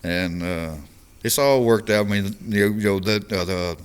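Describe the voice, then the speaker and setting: A man from Louisiana with a Cajun accent, speaking in a fairly low voice. He tells stories in relaxed chat with lots of repeated words and easy laughter. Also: moderate pace, clean tone. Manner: drawling storyteller, repeats words, laughs often. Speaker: guest trucker. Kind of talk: casual chat.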